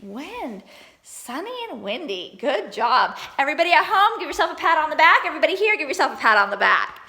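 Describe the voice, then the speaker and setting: Woman teacher, young children's online lesson; high, very animated, encouraging. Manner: encouraging, sounds words out slowly.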